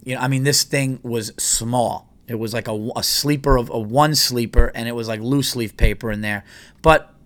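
A man's voice: medium pitch, moderate pace, a bit bright. A man hosting a podcast, telling a story in a casual, rambling and profane way. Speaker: podcast host.

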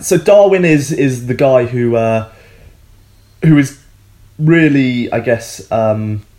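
A man co-hosting a casual science podcast, explaining things loosely with jokes and many ums. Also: mid-range voice. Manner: relaxed, joking, many ums and restarts.

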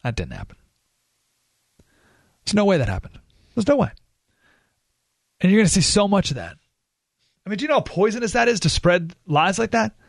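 A man's voice: on the high side, gravelly, dry recording, studio quality. A man hosting a political talk radio show, speaking emphatically and sarcastically. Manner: emphatic, sarcastic, with short laughs.

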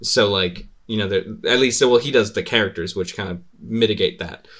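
Man, low voice, casual podcast chat, rambling, swearing, laughing. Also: brisk, a bit bright. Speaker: podcast host.

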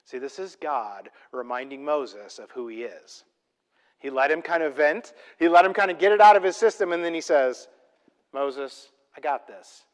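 A man preaching a sermon, emphatic and full of rhetorical questions, swinging between loud and soft. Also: a little high, moderate pace, in a large hall. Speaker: pastor.

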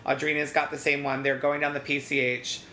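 A podcast co-host recapping a reality show with snarky, deadpan jokes and the odd swear word. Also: mid-range voice, a little fast, a little hiss or hum. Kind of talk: casual recap chat. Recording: roomy echo.

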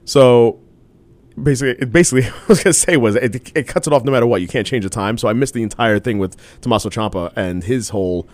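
A man co-hosting a casual wrestling chat, rambling with halting restarts and frequent laughter. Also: mid-range voice, no echo.

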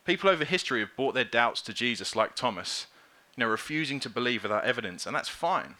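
Here a fast-talking man with a mid-range voice delivers an informal, lively sermon in conversational style, slipping into brief acted-out voices for the quotes.

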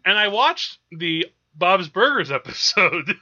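Chatty, bright-voiced male podcast host. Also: high-pitched, sing-song, takes it slowly, dull audio. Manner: chatty, laughs often, hesitant fillers. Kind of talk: casual chat about films.

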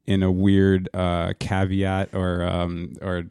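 A man in his thirties from New Jersey, rambling through a casual podcast chat with many halting restarts. His voice sits very low. The recording is close and dry, made in a small home studio. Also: completely flat delivery, darkish tone, smooth, dry recording. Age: 30s. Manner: rambling, halting, laughs often. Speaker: podcast co-host. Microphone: podcast mic in a small home studio.

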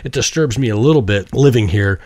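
A man's voice: mid-range voice, brisk, a little mellow, no echo. A man hosting a podcast interview, chatty and opinionated, laughing often. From United States. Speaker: podcast host. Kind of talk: casual interview chat.

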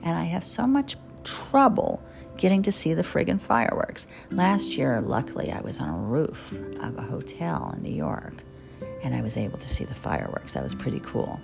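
A woman's voice: sits low, very animated, normal speed, gravelly. A woman in her fifties from New Jersey, hosting a podcast in a candid, chatty, self-deprecating monologue. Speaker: podcast host. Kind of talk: personal monologue. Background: guitar music.

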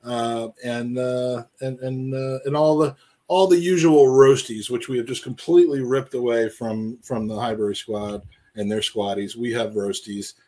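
This male co-host of a laid-back football podcast has a mellow, middle-pitched voice, fairly even intonation, and a moderate pace. He rambles and jokes loosely, repeatedly shouting out to listeners in the live chat.

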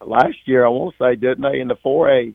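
A man, a high school football coach, talking haltingly after a game with many fillers and restarts. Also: creaky, no room sound. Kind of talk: postgame phone interview. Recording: tinny, dry phone line.

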